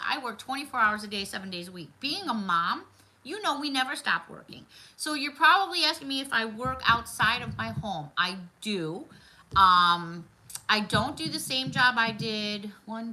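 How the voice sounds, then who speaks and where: A middle-aged woman hosts a casual livestream chat, her voice on the high side and the recording low in quality. Chatty and warm-hearted, she laughs often and addresses viewers by name.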